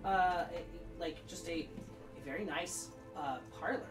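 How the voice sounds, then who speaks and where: A woman's voice: fairly low pitch, unhurried, roomy sound, music in the background. Gm lady rambling thru scene descriptions, lots of ums, mic kinda far. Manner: rambling with many fillers. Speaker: game master. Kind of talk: narrating a tabletop game.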